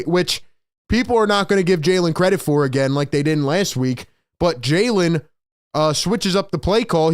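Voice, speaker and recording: Hyped high-voiced man, sports talk host. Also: dry recording, clean studio sound. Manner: hyped, emphatic, repeats key phrases. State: overexcited. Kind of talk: excited postgame sports commentary.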